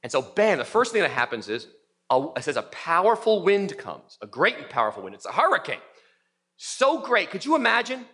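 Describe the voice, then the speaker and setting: A man's voice: high voice, fairly quick. A middle-aged male pastor preaching a sermon in a church, acting out biblical voices as he tells the story. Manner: animated, acts out voices of biblical figures. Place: church sanctuary in New York City.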